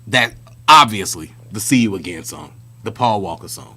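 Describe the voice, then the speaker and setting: Man, podcast co-host, casual chat, slangy storytelling, bright voice. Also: lowish voice, lively intonation, moderate pace.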